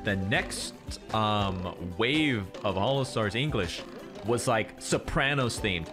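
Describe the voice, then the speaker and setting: A man's voice: on the low side, animated, slow, over music. A man chatting casually on stream, rambling with lots of fillers. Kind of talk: casual chat.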